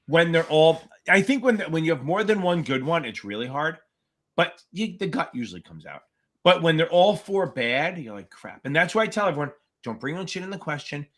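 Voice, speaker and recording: A man's voice: on the high side, fairly bright tone. A man tutoring exam candidates on a livestream Q&A, speaking bluntly and with frequent swearing. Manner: blunt, profane, emphatic. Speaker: exam tutor hosting a live Q&A. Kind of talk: livestream Q&A chat.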